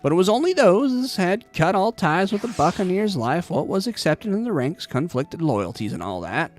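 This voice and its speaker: A seasoned rogue guild leader spins his tale in a wry, knowing way, voiced by a man. His voice is fairly high and lively. Soft game music sits underneath. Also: moderate pace.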